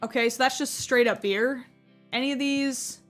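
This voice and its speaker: Casting: a chatty young woman playing a game, high-pitched and rambly, with faint game music behind. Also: fairly even intonation, moderate pace. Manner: chatty, rambling, full of fillers. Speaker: gaming YouTuber. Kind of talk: casual game commentary.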